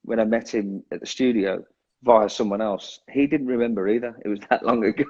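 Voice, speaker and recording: A man with a lowish, husky voice talks as an interview guest in easy, self-deprecating chat, laughing at himself and restarting his sentences. His audio sounds muffled and lo-fi. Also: fairly even intonation, a little fast, a little mellow. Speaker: guest drummer.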